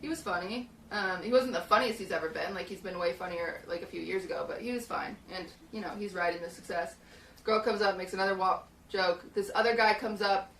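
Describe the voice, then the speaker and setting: Bright young woman rambling through a story. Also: mid-range voice, fairly quick, vocal fry, roomy sound, far from the mic, slight background noise, poor audio. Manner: rambling, lots of "like" and restarts, acts out quotes. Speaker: streamer. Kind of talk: casual storytelling chat. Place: small hot shed studio.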